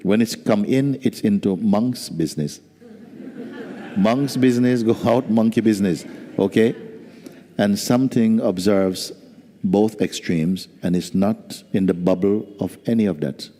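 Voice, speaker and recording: A man as spiritual teacher giving a slow, soft-spoken satsang talk with gentle humor. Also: fairly low pitch. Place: large hall. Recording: reverberant hall.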